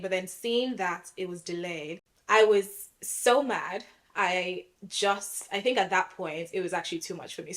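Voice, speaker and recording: A woman in her twenties hosting a podcast, telling a personal story in a casual, animated way with many fillers and acted-out quotes. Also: mid-range voice. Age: 20s. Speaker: podcast host.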